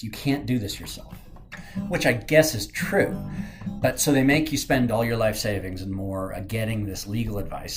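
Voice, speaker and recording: A man's voice: fairly low pitch, slight background noise. Rambling, jokey man in his forties. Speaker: former lawyer commenting on a case. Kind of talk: casual commentary. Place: office.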